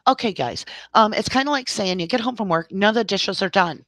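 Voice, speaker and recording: A woman's voice: medium pitch, lively intonation, a little fast, hardly any pauses, fairly bright tone, no echo. A woman hosting a livestream, ranting at length in an exasperated voice and talking straight to her viewers. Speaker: livestream host.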